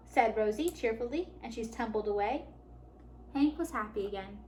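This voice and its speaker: A woman reading a picture book aloud to children at a library storytime, warm and animated. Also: on the high side, normal speed. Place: public library.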